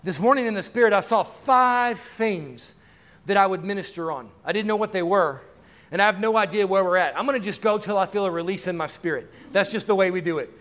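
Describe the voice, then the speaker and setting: A man preaching a charismatic sermon in a church, fervent and building to loud declarations. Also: sits high, fairly quick. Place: church sanctuary.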